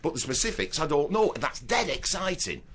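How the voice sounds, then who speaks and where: A man's voice: a little high, normal speed, slightly rough. A man with a northern English accent, a radio guest talking animatedly and often restarting his sentences. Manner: animated, repeats words while starting thoughts. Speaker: interview guest, broadcaster and author. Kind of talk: radio interview.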